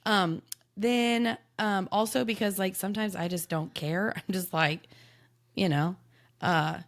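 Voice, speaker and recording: A woman's voice: medium pitch, steady tone, unhurried. A woman, a mother, co-hosting a casual podcast, chatty and giggly, agreeing with "yeah" a lot. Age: adult with a child. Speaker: podcast co-host. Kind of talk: casual chat.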